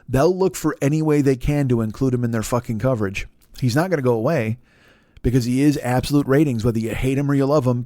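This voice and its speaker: A man in his forties hosting a solo comedy podcast, ranting in a profane, exasperated, animated way. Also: mid-range voice, no room sound, studio quality. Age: 40s.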